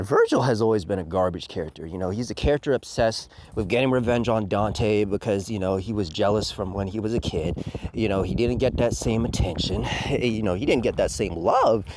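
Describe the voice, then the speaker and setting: A man's voice: on the low side, a little mellow, slight background noise. A man giving a profane, ranting review commentary full of fillers and laughs.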